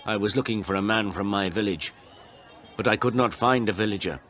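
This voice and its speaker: A man reading a graded story aloud for English learners, slowly and carefully. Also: on the low side. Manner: slow, careful and expressive. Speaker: story reader.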